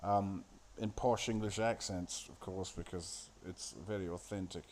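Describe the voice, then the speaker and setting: A man's voice: low voice, fairly even intonation, a little slow, slight background noise. A man giving casual, rambling commentary on a film he is watching, sardonic and full of swearing. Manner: sardonic, crude, profane, off-the-cuff.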